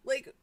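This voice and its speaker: A woman streamer giving casual reaction commentary, exasperated and profane, sighing often. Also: pushed and bright.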